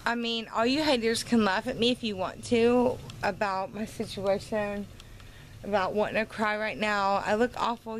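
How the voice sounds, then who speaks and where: A woman's voice: mid-range voice, steady tone, moderate pace, slight background noise, low-quality recording. A woman vlogging at home and in her yard, tipsy and slightly slurred from wine, rambling and venting her frustration. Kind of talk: casual vlog monologue.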